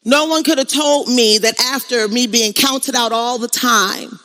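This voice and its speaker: Speaking a little slowly in a fairly high, sharp voice, this middle-aged motivational speaker addresses an event audience from the stage. Her delivery is preachy and emphatic, full of repeated lines and calls to the crowd.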